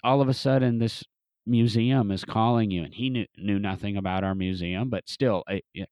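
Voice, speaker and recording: A man's voice: fairly low pitch, normal speed, no room sound, highs cut off. A man telling a long casual story about a car restoration, rambling with frequent restarts and fillers. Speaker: museum restoration specialist, podcast guest or host.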